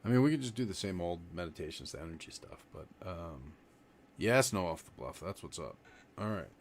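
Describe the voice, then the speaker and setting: A man with a very low voice guides a breathing exercise over a live stream. He talks in a loose, rambling way, demonstrating as he explains. A faint hiss sits under the recording. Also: brisk. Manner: relaxed, rambling, demonstrates while talking. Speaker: livestream meditation teacher. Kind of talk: casual live-stream instruction.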